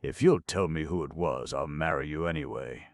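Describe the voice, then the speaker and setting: A man's voice: rumbling low, normal speed, creaky, no echo, clean studio sound. A man voicing a big, hot-tempered young man who blusters and rages in an audiobook. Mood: indignant. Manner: blustering, loud, indignant.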